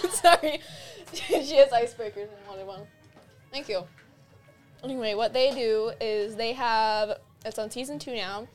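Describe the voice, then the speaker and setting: A woman's voice: fairly high pitch, unhurried, soft background music. A woman on a casual podcast describing a comic she likes, giggling between phrases. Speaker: podcast co-host.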